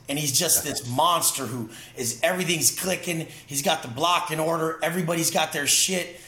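A man's voice: on the high side, fairly quick, hardly any pauses, sharp tone, reverberant. A man talking as an interview guest, intense and profane, telling emphatic stories in casual conversation. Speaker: podcast guest.

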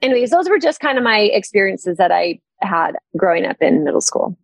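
A woman's voice: mid-range voice, sing-song, brisk, creaky, no room sound. A woman talking animatedly and enthusiastically as an interview guest. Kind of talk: interview conversation.

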